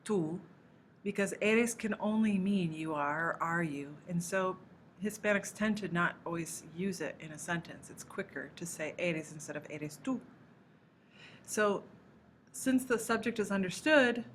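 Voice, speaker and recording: A woman teaching a recorded language lesson, explaining patiently step by step and slowing down to model example phrases. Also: lowish voice, a bit bright, a little hiss or hum. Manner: slows down to model Spanish phrases. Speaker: Spanish teacher.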